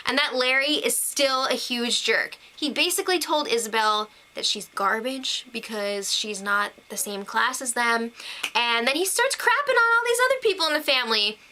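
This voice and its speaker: A young woman chats through a TV episode recap, gushing and quick to laugh. Her voice sits a little high and sounds bright and crisp. She talks casually straight to her viewers. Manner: gushing, chatty, with laughs and fillers. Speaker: TV recap vlogger.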